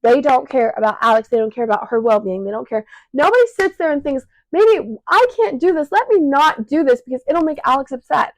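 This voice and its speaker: She's a teenage podcast host with a Chicago accent, venting a raw, emotional monologue while choked up, short of breath and swearing. Her high voice has lively intonation and runs fairly quickly with few pauses. Recorded via a clip-on mic on her shirt, the audio is rough, with no room sound.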